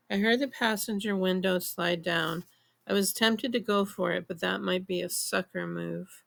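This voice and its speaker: A woman narrating a novel in the first person, in measured storytelling. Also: fairly low pitch, steady tone, creaky. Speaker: audiobook narrator. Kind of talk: scripted audiobook narration.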